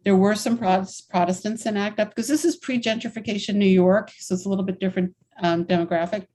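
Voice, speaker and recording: A woman's voice: mid-range voice, steady tone, fast talker, dark tone. A woman in her sixties, a guest in a conversational interview, telling stories in long, flowing runs with a candid, emphatic manner. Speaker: interview guest, activist and writer.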